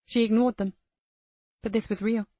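A woman reading a crime novel aloud as the narrator, in a measured storytelling manner. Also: fairly high pitch, fairly even intonation, dark tone, slightly rough, no room sound. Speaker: audiobook narrator. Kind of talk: scripted narration.

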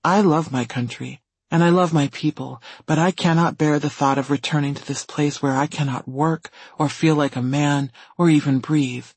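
A man's voice: on the high side, steady tone, moderate pace, few pauses, slightly rough, no room sound. A man reading the lines of a weary, earnest young husband in a storybook, close to his own voice.

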